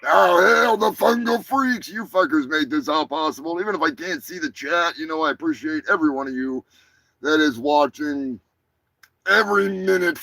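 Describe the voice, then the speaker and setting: A man hosting a crude comedic live show, brash and profane, rambling through shout-outs to his viewers. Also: on the high side, moderate pace, gravelly, dry recording, poor audio. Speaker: host.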